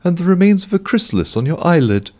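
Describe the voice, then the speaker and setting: A man voicing a tired woman working as a bank clerk, speaking quietly. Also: high voice, very animated, fast talker, voice pushed up. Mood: weary. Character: weary female bank clerk.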